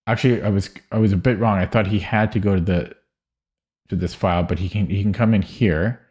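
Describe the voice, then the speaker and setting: A man's voice: fairly low pitch, fairly even intonation, fairly quick, a little mellow, breathy edge. A young man streaming chess, thinking aloud in a hesitant, muttering way with frequent self-corrections. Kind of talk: thinking aloud while solving puzzles.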